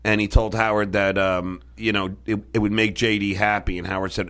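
A man's voice: on the low side, level tone, a little fast, fairly bright tone, smooth. A man hosting a casual interview, blunt and laughing along, swearing now and then. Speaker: host.

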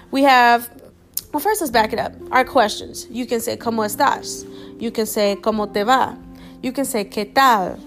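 Woman Spanish tutor, podcast lesson, slightly high and gravelly, soft music underneath. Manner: patient, repeats phrases slowly with frequent ums. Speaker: Spanish teacher.

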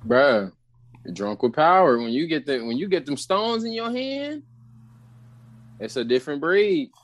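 A man's voice: on the high side, very animated, unhurried, lo-fi sound. A man co-hosting a casual podcast, joking through an episode recap and mimicking characters' lines. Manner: laughing, jokey, quotes characters. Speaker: podcast co-host.

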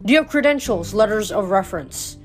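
A woman's voice: medium pitch, animated, fairly quick, soft background music, close to an everyday voice. A woman voicing a smug, pompous teenage boy who serves as an augur, reading his lines in a storybook.

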